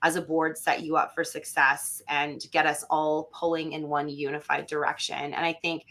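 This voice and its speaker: A woman's voice: sits low, little pitch movement, moderate pace, a bit bright. A woman from Alberta, a podcast guest, chatting casually and animatedly with lots of fillers and acted-out quotes. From Alberta, Canada. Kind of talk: casual conversational interview.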